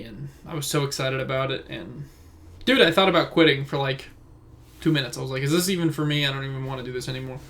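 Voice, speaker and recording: A young man in his twenties, with a mid-range and fairly bright voice, hosts a casual solo podcast from his room at home. He records it on a phone camera and rambles, drifting off on tangents.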